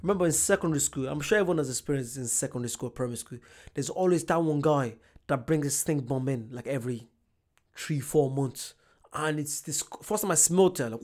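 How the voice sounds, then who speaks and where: A man, hosting a reaction video and chatting casually in an excitable, rambling way. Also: medium pitch, brisk.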